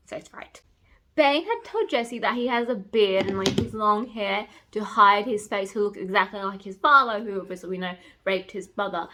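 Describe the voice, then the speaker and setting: A woman's voice: medium pitch, pushed and bright. A woman vlogging about a book she is reading, gushing over it and squealing with delight. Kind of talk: excited reading vlog.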